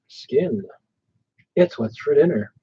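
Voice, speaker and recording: Husky-voiced man with dry quips. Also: on the high side, expressive, extremely slow, warm tone. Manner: dry, brief interjections. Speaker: co-host, the host's husband. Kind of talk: casual chat. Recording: dull lo-fi stream audio.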